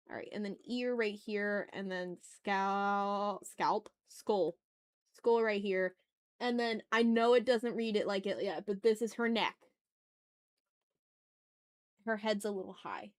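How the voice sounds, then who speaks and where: A young adult woman streaming as she draws, chatting casually and talking through each step aloud, often apologizing with a laugh at herself. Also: mid-range voice. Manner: apologetic, self-deprecating asides. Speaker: art streamer. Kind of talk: casual chat while drawing live.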